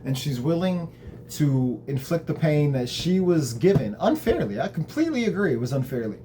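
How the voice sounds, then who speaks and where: A man's voice: on the high side, very animated, moderate pace, dark tone, slight background noise. A man hosting a show, casually recapping a TV episode in a conversational, reflective way, with the odd swear word.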